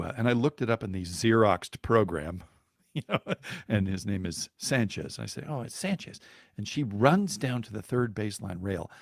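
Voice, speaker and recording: A man telling a story on a podcast in a lively, chuckling way, with fillers and restarts along the way. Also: fairly low pitch, creaky, slightly rough, no room sound, clean studio sound. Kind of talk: conversational storytelling.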